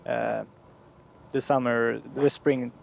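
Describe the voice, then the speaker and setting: A man's voice: mid-range voice, flat delivery, takes it slowly, gravelly. A young man from Sweden with a Swedish accent, a guest developer speaking hesitantly and searching for English words. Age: young adult. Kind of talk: casual interview chat. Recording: faint background noise.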